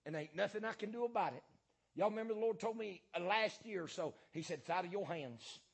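Fiery raspy preacher man. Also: high voice, quick pace. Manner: fiery preaching with repetition and frequent "uh" and "um". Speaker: pastor. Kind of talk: sermon.

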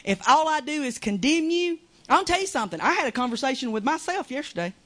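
A woman's voice: sits high, sing-song, quick pace, a bit bright. A woman preaching a fervent, conversational sermon in a small church.

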